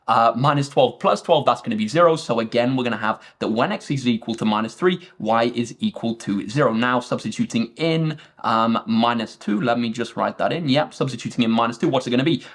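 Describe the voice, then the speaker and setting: A male maths tutor talks through a screen-recorded lesson at a brisk, upbeat clip, checking in with viewers as he works. His voice sits at an ordinary middle pitch for a man. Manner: quick, upbeat, keeps addressing viewers as guys. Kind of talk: fast-paced online maths lesson. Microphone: tablet screen recording voice-over.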